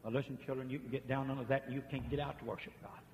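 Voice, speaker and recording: A man preaching a revival sermon, swinging from hushed murmurs to shouts. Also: medium pitch, level tone, very fast. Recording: dull lo-fi tape with long reverb.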